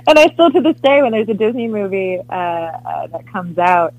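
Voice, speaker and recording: A woman from the US Midwest, an actress telling a story as a guest in an interview, animated and laughing often, with many fillers. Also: mid-range voice, moderate pace, dry recording, low-quality recording.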